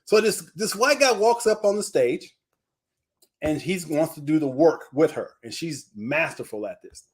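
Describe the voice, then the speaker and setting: A man who is addressed as coach tells a story in a live group discussion. His voice sits somewhat high and swings up and down a lot as he builds the story. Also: expressive, moderate pace.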